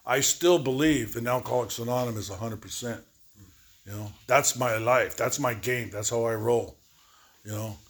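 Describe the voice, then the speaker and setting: A man's voice: mid-range voice, fairly bright tone. A man in his sixties giving a rambling personal recovery testimony, full of fillers and repeats, acting out both sides of remembered talks. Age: 60s. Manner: rambling, repetitive storytelling with many fillers. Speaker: recovery speaker.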